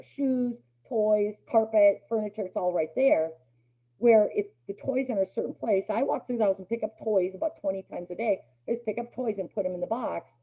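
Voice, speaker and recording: In a dull lo-fi recording, a middle-aged dog obedience instructor gives her class a casual, chatty lecture and voices the dogs' thoughts playfully. She speaks at medium pitch with a dark, slightly rough tone.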